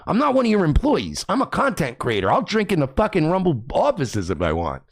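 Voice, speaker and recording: A man hosting a livestream, talking loudly and combatively, swearing often as he rants. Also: a little high, huge pitch swings, a little fast, gravelly, husky. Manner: loud, profane and combative. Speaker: livestream host. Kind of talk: ranting livestream commentary. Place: home by the beach.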